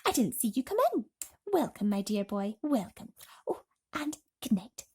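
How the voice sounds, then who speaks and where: A woman voicing a friendly, welcoming female glowworm in a storybook reading, with a bright, cheerful manner. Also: on the high side, sing-song, normal speed, slightly rough, heavily acted.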